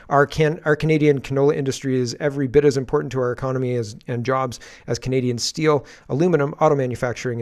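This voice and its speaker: A man's voice: mid-range voice, a little mellow. Sarcastic male political livestream host. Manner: sarcastic, laughs often, reads posts aloud. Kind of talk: daily livestream commentary.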